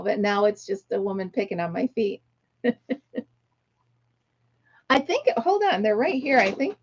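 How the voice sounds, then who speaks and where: A woman's voice: fairly high pitch, lo-fi sound. Chatty middle-aged woman hosting a stream. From United States. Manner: chatty, laughs often, greets viewers by name. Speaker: livestream host. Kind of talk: casual chat.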